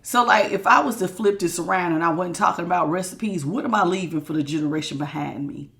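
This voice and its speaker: Sick, gravelly-voiced woman. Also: on the low side, fairly quick, fairly bright tone. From Southern United States. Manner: chatty, folksy, calls listeners y'all and baby. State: sick with a sore throat. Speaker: tarot reader. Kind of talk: casual spiritual reading.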